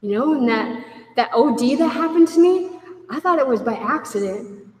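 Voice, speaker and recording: A woman's voice: high voice, animated, normal speed. Candid woman telling her story in a hall. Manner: candid, wry, acts out voices in her story. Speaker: speaker sharing a recovery story. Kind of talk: personal testimony to a group. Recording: echoey hall.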